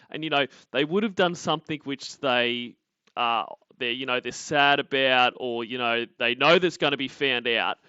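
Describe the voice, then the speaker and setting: An Australian man co-hosting a podcast in a bright, forceful voice. He rambles and restarts his sentences often, and the sound is dry and a little dull, like a modest lo-fi mic. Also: medium pitch, clear, resonant tone, no echo. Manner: rambling, lots of fillers and restarts. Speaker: podcast co-host. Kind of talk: casual chat.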